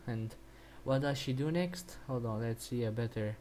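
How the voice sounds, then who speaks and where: A man's voice: mid-range voice, moderate pace, a little mellow, a little hiss or hum. A man ranting in a crude, mocking and rambling way while he comments on a video, often restarting his sentences. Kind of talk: profane reaction rant.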